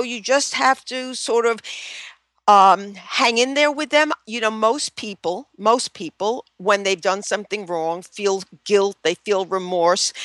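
A middle-aged woman speaks as a therapist guest on a podcast, loose and chatty with plenty of "you know." She slips into quick acted-out example phrases. The sound is dry and close to the mic. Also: medium pitch, a bit bright, no echo. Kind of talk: casual podcast interview.

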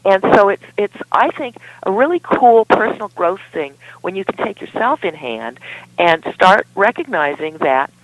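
A woman's voice: medium pitch, very animated, normal speed, no room sound, muffled recording. A woman relationship expert speaking as a guest in a podcast interview, explaining in an emphatic way.

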